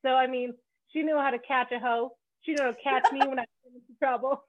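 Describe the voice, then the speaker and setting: A woman's voice: high voice, fairly even intonation, brisk. Bubbly woman podcast host on a phone-like line. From Canada. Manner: bubbly, joking, swears freely. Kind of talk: casual podcast chat. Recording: phone-like narrow band.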